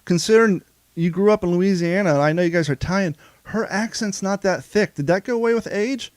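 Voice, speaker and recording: A man with a slightly high voice co-hosts a podcast in a loose, rambling way, often circling back and restarting his sentences. The sound is dry and close, with no room around it. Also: a little fast, dry recording. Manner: rambling, self-interrupting. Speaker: podcast co-host. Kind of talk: casual podcast chat.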